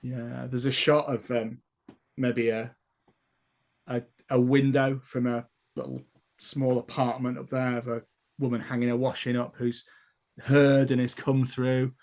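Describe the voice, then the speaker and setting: Male GM, mid-pitched, easygoing narration full of ums and laughs. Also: level tone, a little slow, a little mellow. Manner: laughing, loose storytelling with fillers. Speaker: game master. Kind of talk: narrating a tabletop game.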